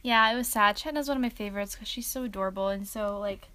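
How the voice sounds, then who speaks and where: A woman's voice: mid-range voice, quick pace, pushed and bright. A woman co-hosting a podcast, chatting casually with lots of "like" and "um". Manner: chatty, fills with "like" and "um". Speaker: podcast co-host. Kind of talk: casual chat.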